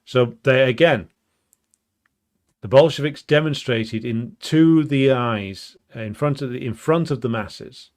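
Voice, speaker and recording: A political commentator with a mid-range voice speaks slowly, explaining political history without a script. His thinking-aloud style is marked by ums, restarts, and a blunt, emphatic edge.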